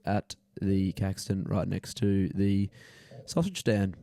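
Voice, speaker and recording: Mellow young man, mock-motivational. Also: low voice, steady tone, takes it slowly, creaky, slight background noise. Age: young adult. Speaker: podcast co-host. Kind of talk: casual banter podcast.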